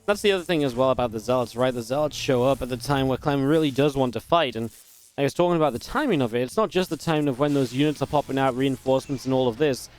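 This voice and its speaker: A man's voice: medium pitch, quick pace. Upbeat guy casting a strategy game match, talky, lots of "you know", light music under him. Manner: energetic, chatty, many fillers and asides. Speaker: esports caster. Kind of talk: solo play-by-play game commentary.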